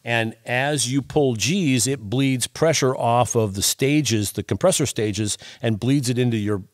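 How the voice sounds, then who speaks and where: A man's voice: mid-range voice, unhurried, dry recording, studio quality. A man co-hosting a casual talk show, explaining in detail and telling a story. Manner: explains things in detail, lots of short agreeing replies. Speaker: co-host.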